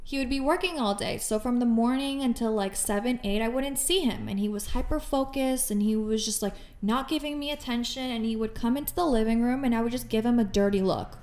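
A woman with a voice a bit higher than most talks on a casual podcast. She is animated and chatty and leans on fillers as she goes. She sounds like a co-host talking off the cuff. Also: brisk, hardly any pauses. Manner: animated, chatty, many fillers like "like" and "you know".

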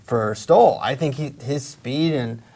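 Male host, casual sports chat, rambling and opinionated, mid-pitched voice. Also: measured pace, mellow. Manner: rambling, opinionated, many restarts. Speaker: podcast host.

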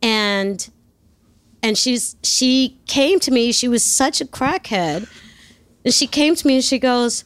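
Blunt, animated New woman. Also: a little high, a little slow, no room sound. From New York. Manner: animated, blunt, profane, acts out dialogue. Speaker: guest. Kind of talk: casual storytelling.

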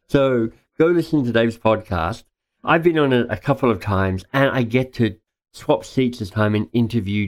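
A man hosting a podcast interview, enthusiastic and joking in casual chat. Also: mid-range voice. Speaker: podcast host.

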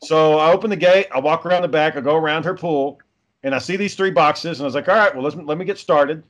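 A man's voice: a little high, fast talker, a bit bright, highs cut off. A man in his thirties telling a casual story, swearing freely and acting out what people said. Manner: profane, acts out quotes of people in the story.

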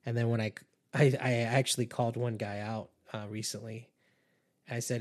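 A man's voice: medium pitch, flat delivery, moderate pace, a little mellow. A man hosting a podcast, talking to listeners in an earnest, conversational way and warning them. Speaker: podcast host and empath coach. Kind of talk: casual podcast monologue.

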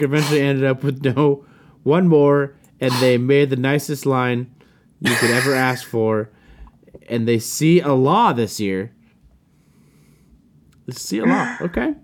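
Male podcast host, mid pitch, ranting and swearing in casual chat. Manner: profane, animated ranting.

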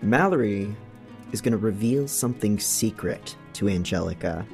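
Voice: deep voice, lively intonation, moderate pace, a little mellow, faint music behind. A tabletop player describing a scene in a rambling way, full of fillers. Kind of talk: casual tabletop play.

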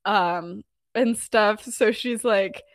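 A young woman podcast co-host casually retelling a story in a chatty way, full of fillers and quick laughs. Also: mid-range voice, no echo, studio quality.

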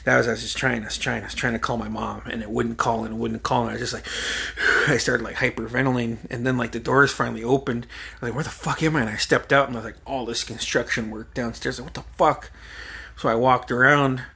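A man's voice: mid-range voice, level tone, quick pace, creaky, bright, forceful tone. A man telling a rambling, profanity-laced anecdote in casual chat.

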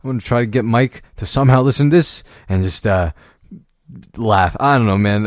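Man, very low voice, casual solo podcast host, halting and rambling, dry close recording. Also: no echo. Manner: rambling, halting, with frequent restarts and laughs. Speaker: podcast host reviewing a book.

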